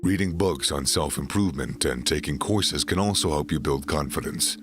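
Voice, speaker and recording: A man narrating a scripted self-improvement voice-over in a slow, deliberate, even delivery. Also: a bass voice, music in the background.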